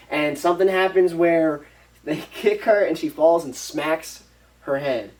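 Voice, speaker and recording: A man on a podcast casually retelling a movie plot, rambling and animated, acting out the characters' lines and swearing freely. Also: fairly high pitch, unhurried, far from the mic, low-quality recording. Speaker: podcast co-host.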